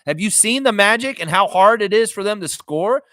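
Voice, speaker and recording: Animated, profane sports-ranting man. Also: high voice, normal speed, no echo, clean studio sound. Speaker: livestream reaction host. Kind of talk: live sports reaction rant.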